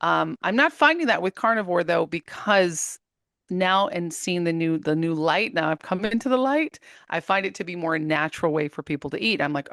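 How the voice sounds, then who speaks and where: Interview guest: woman, 30s, low-pitched, animated storyteller who laughs easily, close dry mic. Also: normal speed, no echo. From United States. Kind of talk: casual interview talk.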